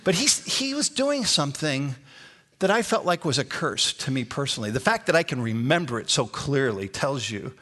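A man's voice: medium pitch, sing-song, moderate pace, pushed and bright. A pastor in his sixties preaching a sermon, emphatic, repeating key phrases with a rising inflection. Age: 60s.

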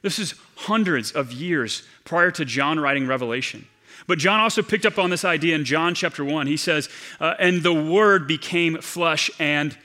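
A man preaching a sermon as a pastor, earnest, slowing down to stress key phrases. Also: on the high side, bright, forceful tone.

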